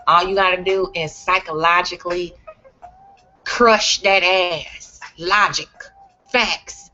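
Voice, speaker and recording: Bright-voiced woman ranting bluntly. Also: lowish voice, dull audio. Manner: blunt, profane, emphatic. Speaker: vlogger. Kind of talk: ranting vlog monologue.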